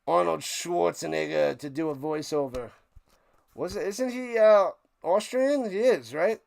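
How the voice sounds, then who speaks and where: A man's voice: high voice, animated, normal speed, creaky, darkish tone. Joking man calling football play-by-play. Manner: joking, rambling asides between plays. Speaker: play-by-play commentator and stream host. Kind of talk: casual live sports commentary.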